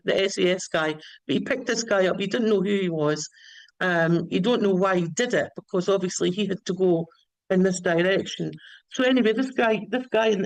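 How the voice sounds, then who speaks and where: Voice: mid-range voice, dry recording, poor audio. A caller telling a story at length, often restarting and repeating words, on a remote line. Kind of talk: rambling storytelling.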